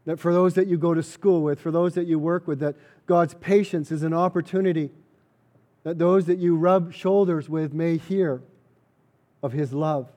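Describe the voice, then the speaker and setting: Pastor, male, earnest sermon delivery, mellow tone, emphatic repetition. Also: a little high, fairly even intonation, moderate pace.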